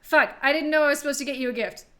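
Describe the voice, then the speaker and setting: High-voiced tiefling warrior girl, blunt and sweary, a woman playing her. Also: racing, a loud crowd, natural voice.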